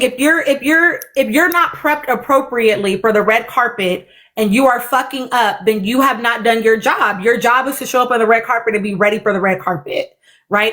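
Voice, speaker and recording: Her voice sits on the high side with a fairly bright tone. She hosts a casual podcast, sharing opinions bluntly with a live audience, repeating herself and swearing freely.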